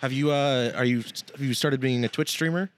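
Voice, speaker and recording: A man hosting a casual hockey podcast, teasing his guest with quick questions. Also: mid-range voice, slight background noise. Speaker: podcast host.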